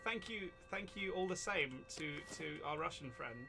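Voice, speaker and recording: A male streamer who giggles and rambles as he plays, his voice sitting a touch above the usual for a man. Game music runs clearly under everything he says, in a loose live-stream chat. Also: high voice, animated, normal speed. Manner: giggly, rambling commentary on his own play.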